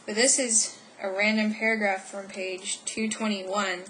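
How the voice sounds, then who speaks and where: A woman's voice: mid-range voice, flat delivery, unhurried, few pauses, fairly bright tone, slight background noise, low-quality recording. A teenage girl from Texas, vlogging casually at home and rambling with lots of fillers and self-corrections. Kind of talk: casual voice meme vlog.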